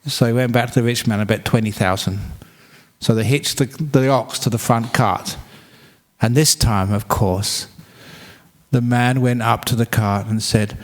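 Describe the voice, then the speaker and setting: A male Buddhist monk telling a fable in a relaxed dharma talk. His middle-pitched voice stays chatty and humorous, and he laughs at his own jokes. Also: normal speed.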